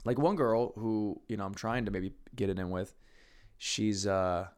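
A man's voice: lowish voice, measured pace, darkish tone, clear, resonant tone. A man hosting a podcast alone, rambling crudely in a casual monologue with mumbles and restarts, on a podcast mic. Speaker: podcast host. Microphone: podcast microphone.

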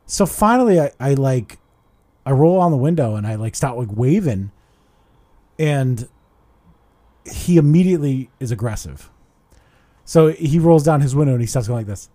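Male podcast host, casual chat, animated swings in pitch, swears a lot. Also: moderate pace, pauses often.

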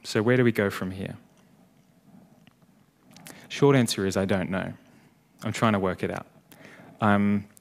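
Male pastor, low voice, earnest sermon delivery, swells loud then falls hushed. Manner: earnest, rising to emphatic peaks then dropping quiet. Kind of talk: sermon ending in prayer. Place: church.

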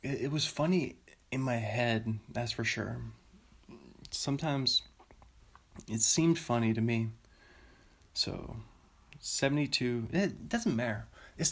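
A man's voice: medium pitch, a bit bright, breathy edge. A man hosting a solo podcast in a rambling, self-amused way, often laughing at his own jokes. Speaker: podcast host.

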